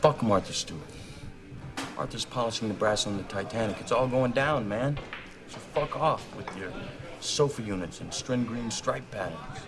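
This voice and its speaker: A man's voice: fairly low pitch, moderate pace, over music, close to an everyday voice. An actor playing a brash, anarchic young man who rants with scorn about consumer life, in film dialogue. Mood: scornful. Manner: scornful, declarative ranting.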